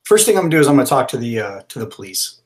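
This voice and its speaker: A man talks through his turn in a tabletop game in an easy, rambling way. His voice is mid-pitched and ordinary, and he often restarts his sentences. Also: sing-song, very fast, a little mellow. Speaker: player.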